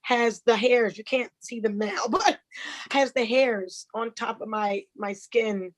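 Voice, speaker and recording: A woman's voice: fairly high pitch, slow, rough recording. A woman in her forties hosting a talk show, effusive and enthusiastic with her guest. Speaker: host. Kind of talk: radio talk show interview.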